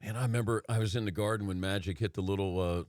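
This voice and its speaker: Relaxed man hosting a radio show. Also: lowish voice, fast talker, no room sound, clean studio sound. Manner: relaxed, prompting with questions, reads sponsor copy. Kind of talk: interview and show host talk. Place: radio studio. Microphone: studio mic.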